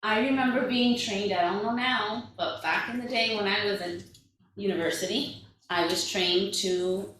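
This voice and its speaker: A woman's voice: medium pitch, normal speed, a bit bright. Woman, forties, parenting coach, open and conversational talk, live room with heavy echo, mic at a distance. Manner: candid, conversational, emotional at moments. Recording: echoey room, mic from afar.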